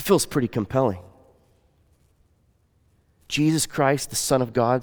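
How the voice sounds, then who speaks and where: A man preaching a sermon in an earnest, conversational way, his voice often dropping soft and quiet. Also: mid-range voice, a little slow, pauses often, big-room sound. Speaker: pastor.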